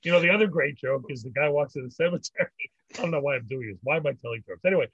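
Older rabbi, husky, telling jokes. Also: male voice, mid-range voice, very fast, a bit bright, no echo, dull audio. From North America. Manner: rambling, repeats words, tells old jokes with laughs. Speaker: rabbi, interview guest. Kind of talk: storytelling conversation.

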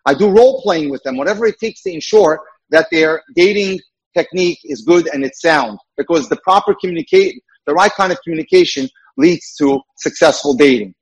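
Husky-voiced man teaching about dating. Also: fairly high pitch, expressive, fairly quick, poor audio. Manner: earnest, instructive, asks rhetorical questions. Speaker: dating mentor. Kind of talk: lecture.

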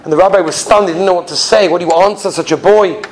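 A man giving a weekly Torah sermon, telling stories with strong feeling and swinging between loud and soft. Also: quick pace, rough recording. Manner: emotional storytelling, rises high and loud in retold quotes, sinks soft at the close.

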